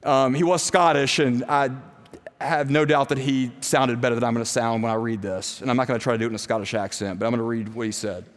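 A man's voice: mid-range voice, steady tone, fast. Man preaching in an echoing church. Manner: earnest preaching with rhetorical questions, growing quiet and soft near the end. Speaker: pastor. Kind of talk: sermon. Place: church sanctuary. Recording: long reverb of a church hall.

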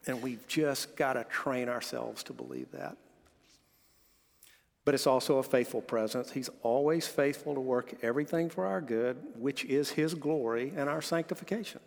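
A man's voice: medium pitch, moderate pace, gravelly, big-room sound. A man delivering a sermon as pastor, earnestly preaching, telling stories and reading scripture aloud.

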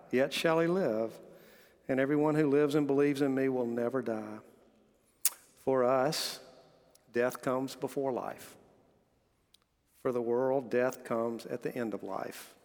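A man preaching a sermon in a church sanctuary, his voice carrying a long hall reverb. He speaks earnestly at a middle pitch, weaving stories and scripture readings into his message. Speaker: pastor.

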